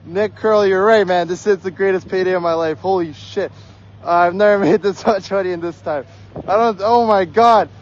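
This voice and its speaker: Hoarse, excited high-voiced young man. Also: moderate pace, muffled recording. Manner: excited, breathless, yelling shout-outs. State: hoarse from shouting. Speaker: livestreamer. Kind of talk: live stream reading out viewer donations. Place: outdoors on a snowy city street.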